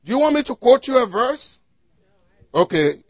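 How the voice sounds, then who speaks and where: Gravelly-voiced preacher man, slow and dry. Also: very high-pitched, big pitch swings, no room sound. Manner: preachy, asks the congregation to fill in words; swings from loud exhortation to quiet asides. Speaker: pastor. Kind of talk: sermon.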